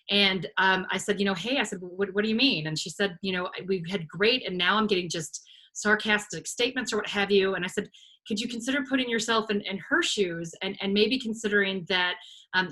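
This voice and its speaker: A woman's voice: lowish voice, pushed and bright. A woman presenting a live online workshop on a video call, talking with many fillers and restarts.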